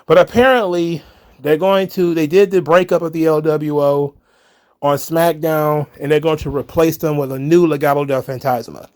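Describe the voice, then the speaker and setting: A man's voice: on the high side, steady tone, moderate pace, darkish tone. A man hosting a casual solo wrestling commentary, opinionated and rambling, with frequent fillers and restarts. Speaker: wrestling commentary channel host.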